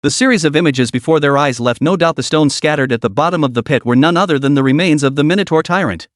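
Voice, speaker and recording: A man's voice: fairly high pitch, fast, dry recording, studio quality. A man narrating a comic recap with dramatic storytelling.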